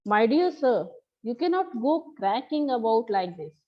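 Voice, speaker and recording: A woman reading a politely firm gentleman. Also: on the high side, very animated, measured pace. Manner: politely matter-of-fact. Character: calm, unafraid middle-aged American gentleman. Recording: slightly dull lo-fi recording.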